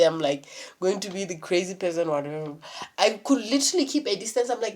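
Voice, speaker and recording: A woman's voice: mid-range voice, expressive, brisk, a little mellow. A young woman telling a rambling, profanity-laced story in a casual vlog, full of fillers and restarts. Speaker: vlogger.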